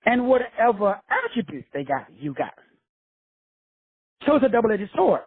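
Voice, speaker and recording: Man preaching self-help, casual and profane, husky high voice, dry close sound. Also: sing-song, measured pace, no room sound, narrow, tinny audio. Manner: preachy, addresses listeners as brothers and sisters; casual, with frequent swearing. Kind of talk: motivational talk.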